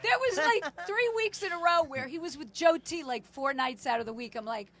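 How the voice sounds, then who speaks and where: Chatty New woman co-host, very high lively voice, teasing tone. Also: fairly quick, hardly any pauses. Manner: chatty, teasing, laughs often. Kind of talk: casual podcast chat.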